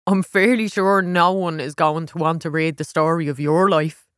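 A woman's voice: low-pitched, fairly even intonation, normal speed, no echo, clean studio sound, natural voice. A woman voicing a teasing, condescending young man, the narrator's big brother, in a smirking, mocking way.

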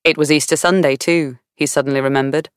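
A woman reading a novel aloud in measured, warm storytelling. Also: deep voice, steady tone, clear, resonant tone, no room sound, studio quality. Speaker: audiobook narrator. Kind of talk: scripted narration.

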